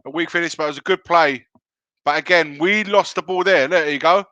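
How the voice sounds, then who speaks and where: A man's voice: fairly high pitch, fairly quick, dull audio, crowd noise. A man hosting a live football watch-along, calling the play-by-play with chatty asides to his viewers.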